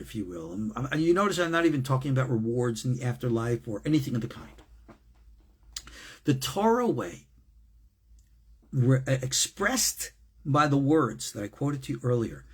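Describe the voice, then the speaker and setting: A man's voice: mid-range voice, very animated, normal speed, fairly bright tone, slightly rough. A man, a rabbi, giving a recorded lesson in an emphatic, conversational way with casual asides. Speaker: rabbi teaching. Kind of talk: recorded lecture.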